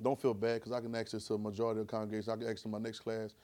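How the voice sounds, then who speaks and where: A man preaching a sermon in church, calling and answering with the congregation and rising into shouts. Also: lowish voice, monotone, rapid-fire. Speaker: pastor.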